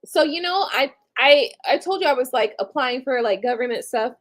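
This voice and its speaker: A woman's voice: sits high, lively intonation, normal speed. A woman in her late thirties hosting a casual live stream, talking bluntly and candidly with casual swearing. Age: late 30s. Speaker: livestream host.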